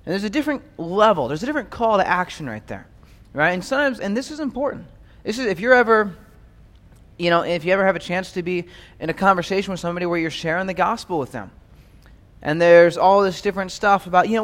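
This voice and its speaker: Man, pastor, high voice, conversational Bible teaching, reverberant hall. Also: expressive, fast, fairly bright tone. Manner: conversational, keeps asking "right?". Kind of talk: Bible study sermon.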